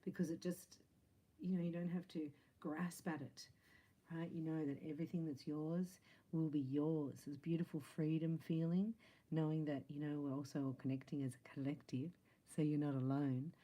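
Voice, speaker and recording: A woman's voice: low-pitched, flat delivery, normal speed, mellow, rough recording. A woman giving a spiritual love reading to camera, chatty and encouraging, often checking in with "right?" and "you know". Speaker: psychic reader.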